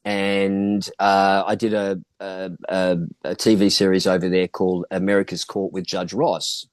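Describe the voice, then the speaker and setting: A man's voice: sits low, level tone, unhurried, no room sound. An Australian man, an actor and guest, telling career stories in a casual, rambling way with many fillers and restarts. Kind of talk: casual interview storytelling.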